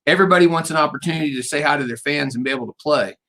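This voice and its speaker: A man's voice: on the high side, racing, pushed and bright. A man hosting a weekly live radio interview, talking in a rambling, friendly way. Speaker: radio show host. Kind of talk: casual interview chat.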